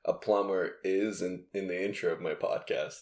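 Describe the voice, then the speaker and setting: A man's voice: deep voice, steady tone, moderate pace, a little mellow. A man hosting a podcast, chatting casually and telling rambling stories with frequent laughter. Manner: rambling storyteller who laughs often. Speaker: podcast host. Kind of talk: casual chat. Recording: roomy echo.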